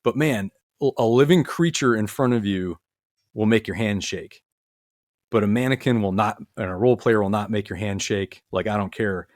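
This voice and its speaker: Earnest, rambling man with a low voice. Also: moderate pace, no echo, clean studio sound. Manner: rambling, many restarts and fillers, earnest. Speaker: podcast guest, retired military medic. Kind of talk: casual conversational storytelling.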